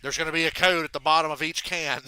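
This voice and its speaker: A man chatting casually on a live stream, telling stories in an animated, profane way. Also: on the high side, quick pace. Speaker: streamer reacting to a race.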